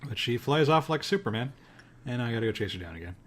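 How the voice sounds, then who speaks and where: A man playing a game and commenting casually, explaining in halting phrases that he often restarts. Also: medium pitch, lively intonation. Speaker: podcast co-host and player. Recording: faint game music behind.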